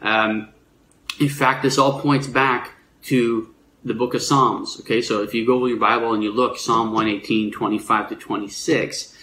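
A man's voice: medium pitch, flat delivery, moderate pace, pushed and bright, slight background noise. Man preaching conversationally in an echoey room. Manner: conversational, explanatory, with frequent fillers and restarts. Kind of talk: sermon.

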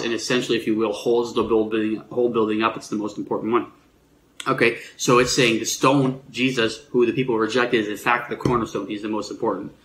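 A man giving a sermon in a relaxed, explanatory way, with frequent fillers and restarts. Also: medium pitch, reverberant, a little hiss or hum, low-quality recording. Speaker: preacher.

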